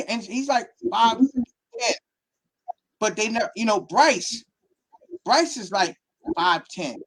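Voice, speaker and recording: High-voiced animated man. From Pittsburgh. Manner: animated storytelling, acts out quotes. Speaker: football academy coach and guest. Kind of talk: casual interview talk.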